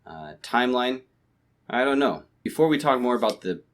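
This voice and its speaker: A man's voice: mid-range voice, big pitch swings, moderate pace. A man co-hosting a podcast at home late at night, chatting casually and rambling with many restarts and fillers. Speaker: podcast co-host. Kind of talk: casual chat.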